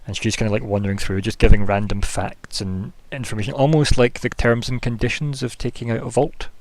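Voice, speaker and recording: A man narrates a tabletop game as game master. His voice sits on the low side, and he rambles casually, full of fillers and restarts. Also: steady tone, fairly quick, a little mellow, dry recording.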